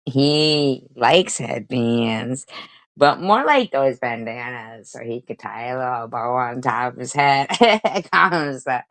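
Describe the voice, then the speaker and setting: A woman's voice: extremely low pitch, slow pace, dry recording. A woman streamer giving mocking reaction commentary, crude and profane, laughing at her own jokes.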